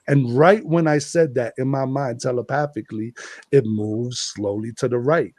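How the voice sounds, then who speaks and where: A man from the Bronx, New York, tells his story with lively energy and acts out his own past words. His voice sits at a medium pitch. The recording is dry and close, with no room sound. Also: normal speed, dry recording. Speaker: guest, contactee and hip-hop artist. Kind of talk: animated personal storytelling.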